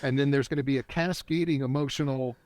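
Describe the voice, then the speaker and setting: A man's voice: mid-range voice, fairly even intonation, a little mellow, no room sound. Earnest middle-aged man teaching. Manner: earnest, teaching tone that speeds up and slows down. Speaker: guest, men's work facilitator. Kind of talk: reflective interview talk. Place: a warm, quiet spot with a generator running nearby.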